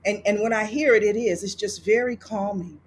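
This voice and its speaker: Animated storytelling woman. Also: mid-range voice, brisk, a little hiss or hum. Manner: storytelling, animated, laughs often. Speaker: guest author. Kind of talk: casual podcast conversation.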